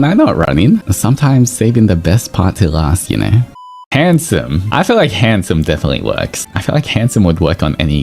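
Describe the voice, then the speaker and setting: A man's voice: on the low side, creaky, warm tone. A man streaming in casual chat, playful and teasing, often breaking into laughter.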